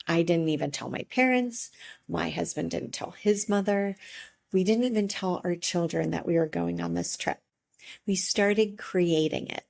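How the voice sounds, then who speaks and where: A middle-aged woman life coach giving a reflective motivational talk, speaking gently and encouragingly with long pauses. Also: medium pitch, vocal fry.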